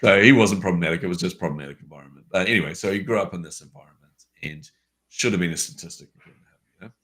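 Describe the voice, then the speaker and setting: Deep-voiced man telling earnest stories. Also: very fast, fairly bright tone. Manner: earnest storyteller, many fillers and restarts. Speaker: podcast co-host. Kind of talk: unscripted conversation on a call.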